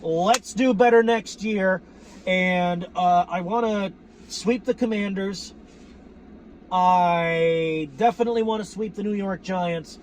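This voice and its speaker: Profane, high-voiced ranting male vlogger. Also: slow, slight background noise. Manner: profane, rambling, bursts into shouting. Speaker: sports fan vlogger. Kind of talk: ranting fan commentary to camera.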